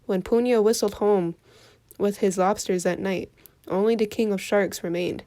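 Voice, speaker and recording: A woman reading a folktale aloud for children in an expressive storytelling voice. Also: mid-range voice, moderate pace.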